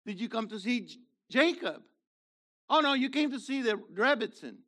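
A man in his seventies with a worn, gravelly voice, preaching a fiery sermon that swings from low murmurs to shouts. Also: expressive, moderate pace. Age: 70s. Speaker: messianic rabbi.

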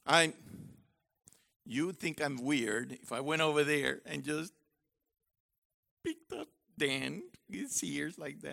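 A man with a high, bright voice delivers a sermon. He is lively and joking, and he slips into playful voices to act out his points. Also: takes it slowly, vocal fry, pauses often. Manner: animated, jokey, acts out voices. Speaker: preacher; university professor.

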